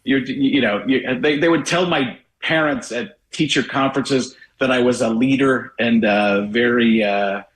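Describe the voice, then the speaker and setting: A man's voice: medium pitch, unhurried, hardly any pauses, rough recording. A man from Wisconsin, a comedian guest on a radio show, chatting casually and rambling with stammered restarts. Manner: rambling, self-deprecating, restarts with stammered repeats. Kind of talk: casual radio interview chat.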